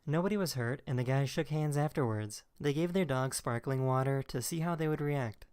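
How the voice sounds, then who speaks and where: A man's voice: mid-range voice, fairly quick, clear, resonant tone. A man reading scripted, matter-of-fact narration for a compilation of internet clips. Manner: even, matter-of-fact captioning.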